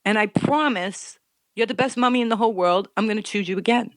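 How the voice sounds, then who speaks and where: A woman voicing her small daughter as an earnest, gentle little girl who speaks softly and sincerely. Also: mid-range voice, brisk, dry recording, pitched above the performer's own voice, lightly acted, poor audio. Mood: earnest, tender.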